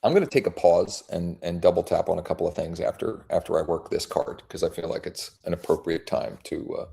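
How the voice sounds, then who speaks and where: A man's voice: sits low, steady tone, a little fast, gravelly, dark tone, slightly rough. A man who works as a real estate agent, running a live workshop and making friendly, informal phone calls to leads.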